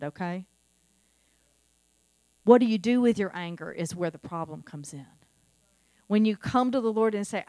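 In a mid-range voice, a middle-aged woman who is a pastor preaches earnestly and conversationally, relying on repeated phrases. The recording sounds dry and close, and a faint mains hum runs beneath it.

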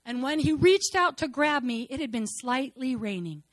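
Woman, 50s, high voice, dry sound; dramatic church testimony, soft to loud. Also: animated, normal speed, no room sound. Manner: dramatic storytelling, swinging between soft and loud. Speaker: speaker giving testimony.

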